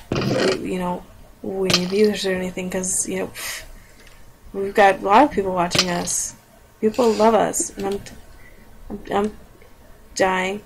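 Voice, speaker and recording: A young woman rambles and jokes her way through a game at home, her voice sitting at an ordinary middle pitch. She giggles often and hops from thought to thought. The recording carries a clear layer of background noise. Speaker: gaming video host. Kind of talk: casual gameplay commentary. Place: home room.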